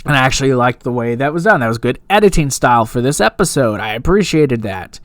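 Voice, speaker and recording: A man's voice: medium pitch, expressive, fast talker, no echo. A man giving a casual, rambling recap and review of a TV episode, full of fillers and asides.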